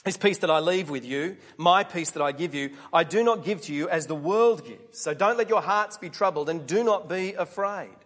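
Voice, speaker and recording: A man's voice: sits high, normal speed, few pauses, a bit bright. A middle-aged man preaching a conversational sermon, often asking his listeners rhetorical questions.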